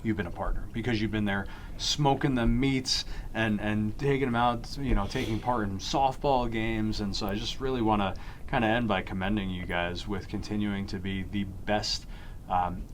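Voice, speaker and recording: A man's voice: on the low side, fairly even intonation, moderate pace, slight background noise. A man hosting a podcast in casual chat, talking in an enthusiastic, folksy way. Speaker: podcast host.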